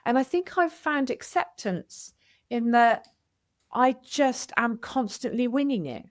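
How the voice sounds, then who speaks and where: A woman's voice: fairly high pitch, animated, unhurried. Woman, middle-aged, candid podcast guest, earnest, reflective. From United Kingdom. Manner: earnest, reflective, self-interrupting with restarts. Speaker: podcast guest, widow coach.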